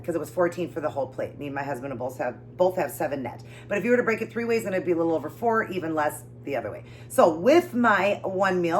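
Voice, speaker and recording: A woman's voice: fairly low pitch, a little hiss or hum. A woman with a Northern US accent chatting casually through a home eating show, rambling and often correcting herself. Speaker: keto vlogger. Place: home with mowing outside.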